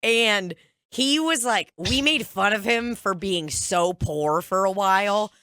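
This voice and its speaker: A woman's voice: medium pitch, slow pace, sharp tone, no echo, clean studio sound. A woman co-hosting a comedy podcast, telling a story in casual chat and laughing through her words. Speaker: podcast co-host.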